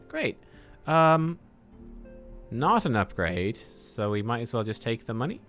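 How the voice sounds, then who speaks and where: A man's voice: medium pitch, sing-song, measured pace, long pauses, fairly bright tone, soft background music. A man giving casual let's-play commentary, rambling and self-deprecating as he thinks aloud. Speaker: gaming video creator.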